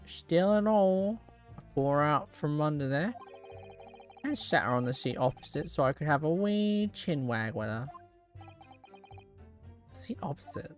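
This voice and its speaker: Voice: mid-range voice, animated, unhurried, pauses often, faint music behind, close to an everyday voice. A streamer doing a rambling Irish-tinged witness. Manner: attempted Irish brogue, soon dropped. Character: Irish male witness, chatty and evasive. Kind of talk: game dialogue read aloud.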